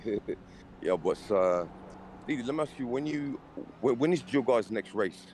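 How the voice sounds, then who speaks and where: A man's voice: mid-range voice, expressive, moderate pace, darkish tone. A man in casual banter, rambling and slangy, calling everyone mate and brother, putting on a British-style accent. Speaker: guest in voice chat. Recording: voice chat with clear background noise.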